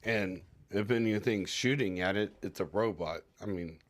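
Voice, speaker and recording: A man's voice: fairly low pitch, normal speed. A man co-hosting a casual podcast who jokes and rambles, often acting out quoted lines. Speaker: podcast co-host. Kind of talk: casual chat.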